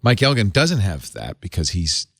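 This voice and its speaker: A man's voice: sits low, normal speed, vocal fry, no room sound, studio quality. A middle-aged man hosting a tech panel show, chatting casually with laughs and reading ads. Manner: animated, conversational, laughs often. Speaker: show host. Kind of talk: casual panel chat and read advertisement.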